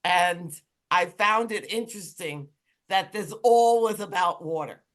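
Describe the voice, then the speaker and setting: An audience member at a book talk offers thoughts in a measured, reflective way. The voice sits at a middling pitch, and words get repeated for emphasis. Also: a bit bright. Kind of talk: casual discussion comment.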